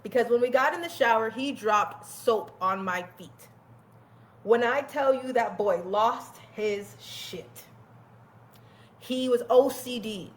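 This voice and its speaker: A young woman telling a personal story in a candid, animated way, swearing freely and laughing often. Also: on the high side, takes it slowly. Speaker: guest telling her life story. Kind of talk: casual storytelling.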